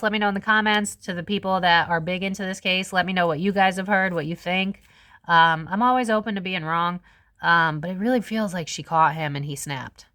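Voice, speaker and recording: A young woman hosting a casual tarot reading, chatty and animated, swearing freely as she talks through the cards. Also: lowish voice, a little fast, smooth, dry recording, studio quality. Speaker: tarot reader host.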